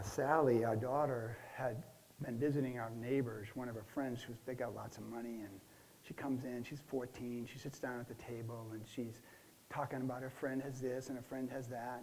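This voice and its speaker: A stressed client stumbles through his story, full of restarts and trailing fillers, as a man plays him in a counseling role-play. His voice is warm and dark, and a faint hiss sits under it. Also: mid-range voice, lightly acted, low-quality recording. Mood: weary. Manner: halting, many restarts and fillers. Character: stressed middle-aged man recounting a relapse.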